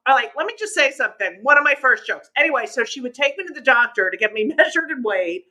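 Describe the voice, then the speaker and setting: Brash, high-voiced woman comedian. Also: fast, few pauses, poor audio. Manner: brash, animated, punchy. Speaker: comedian guest. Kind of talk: stand-up storytelling on a video call.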